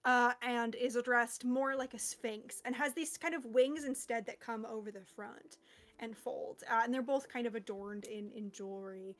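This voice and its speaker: A woman's voice: fairly high pitch, fairly even intonation, moderate pace, fairly bright tone. A woman narrating a tabletop game as game master, chatty and full of fillers.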